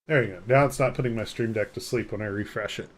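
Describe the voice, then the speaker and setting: A man's voice: on the low side, fast talker. Casual man chatting on a live game stream. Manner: rambling, self-deprecating, reads chat aloud and answers.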